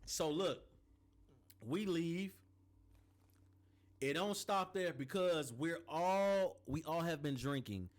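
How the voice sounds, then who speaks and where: A man on a podcast telling a story in casual chat, animated and slangy with lots of asides. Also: a little high, slow, long pauses.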